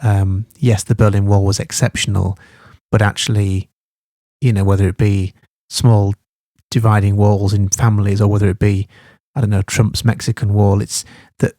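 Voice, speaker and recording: A man's voice: fairly low pitch, flat delivery, moderate pace, dark tone, no room sound, studio quality. A man teaching a study guide, thinking aloud with many fillers and restarts.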